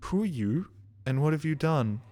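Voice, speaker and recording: A man streaming a game live, muttering sarcastic commentary and breaking into excited outbursts. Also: on the high side, moderate pace.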